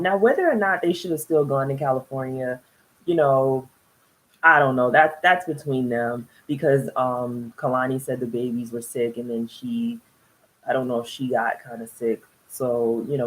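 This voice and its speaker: A woman giving a casual video review of a TV show, chatty and animated, laughing often and mimicking the people she talks about. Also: very deep voice, low-quality recording. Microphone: solo video recording.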